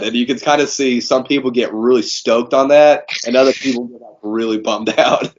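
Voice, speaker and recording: A man's voice: medium pitch, steady tone, normal speed. A man being interviewed as a wrestling guest, telling stories in a laid-back, rambling way with lots of fillers. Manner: laid-back storytelling, many fillers, laughs often. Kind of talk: casual interview chat. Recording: dull lo-fi sound.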